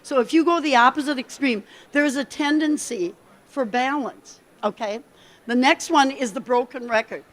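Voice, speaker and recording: A woman giving a lively conference workshop talk, coaching the audience directly from the stage. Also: sits high, normal speed. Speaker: keynote speaker.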